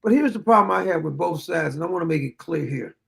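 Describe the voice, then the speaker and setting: A man's voice: fairly high pitch, expressive, quick pace, vocal fry, a bit bright. A man hosting a political commentary show, talking bluntly and defiantly in a profane, unscripted rant and often repeating himself.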